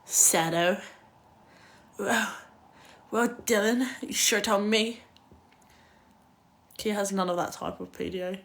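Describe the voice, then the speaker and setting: Speaking slowly with frequent pauses, a young woman from Kent, England, tells stories in a casual livestream. Her medium-pitched voice is a bit bright, and her chatter is full of "like" and swear words.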